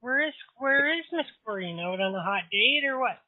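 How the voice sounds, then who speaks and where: A woman co-hosting a radio talk show, full of quick jokes and teasing remarks. She has a sore throat and coughs, and her voice sits a little high. The sound is tinny and dry, as if heard over a phone line. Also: lively intonation, no echo. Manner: joking, teasing, quick interjections. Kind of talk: casual chat.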